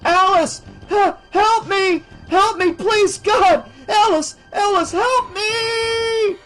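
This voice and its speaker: A man's voice: high voice, sing-song, measured pace, over music, voice pushed up. A man voicing a cocky teenage boy in an audiobook, teasing and playful. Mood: screaming. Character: cocky teenage boyfriend, later terrified.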